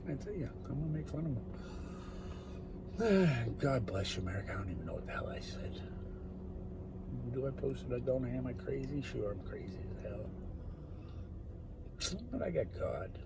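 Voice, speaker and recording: A man's voice: mid-range voice, lively intonation, normal speed, vocal fry, pauses often. Rambling man, noisy recording. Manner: rambling, drifts between loud bursts and muttered whispers. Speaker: solo talker. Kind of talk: rambling monologue.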